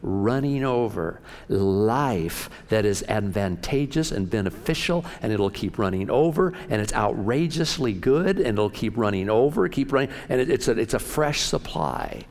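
A middle-aged man preaching a sermon as pastor, folksy and excitable, often jumping up in pitch and loudness. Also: moderate pace, few pauses, in a large hall.

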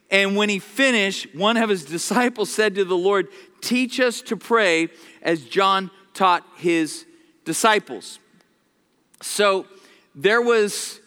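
A man preaching a sermon to his church, animated and playful, acting out the voices of people he quotes. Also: high-pitched, long reverb tail. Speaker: pastor. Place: church sanctuary.

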